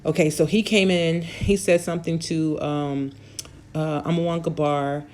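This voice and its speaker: A woman's voice: deep voice, fairly even intonation, unhurried, a little mellow. Woman host, casual storyteller, rambling delivery with frequent fillers. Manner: rambling, full of fillers and restarts. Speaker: channel host.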